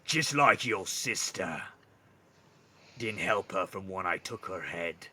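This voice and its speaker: A man voicing a huge, chained male minotaur who is cruel, taunting and booming. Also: lively intonation, slow, slight background noise, exaggerated voice. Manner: booming, shouting and mocking.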